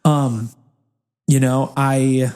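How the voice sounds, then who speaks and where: A man's voice: medium pitch, little pitch movement, very slow, dark tone. A man in his thirties co-hosting a podcast in casual chat, rambling with restarts and frequent laughs. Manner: rambling, restarts mid-thought, laughs often. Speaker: podcast co-host.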